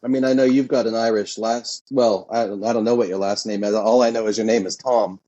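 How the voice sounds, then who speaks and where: Mellow-voiced guy explaining stuff all earnest, dry dull lo-fi recording. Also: lowish voice, fairly even intonation, fairly quick. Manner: earnest, asks questions, mock-explanatory. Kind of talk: deadpan improvised comedy chat.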